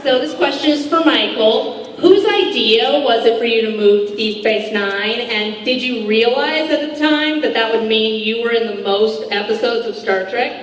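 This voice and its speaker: A woman's voice: a little high, normal speed, hardly any pauses, a little hiss or hum. A woman in the audience asking the panel a direct question. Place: convention hall. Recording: echoey hall from far off.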